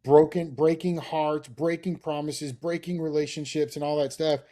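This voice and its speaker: A man's voice: a little high, steady tone, moderate pace, warm tone. A male host who asks his guest questions and explains recovery ideas in a reflective way. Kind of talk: interview questions.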